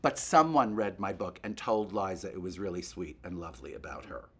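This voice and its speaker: A man hosting a show, chatting in a gossipy comic monologue to a puppet and breaking into quick impressions. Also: low-pitched, very animated, breathy edge. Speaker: host.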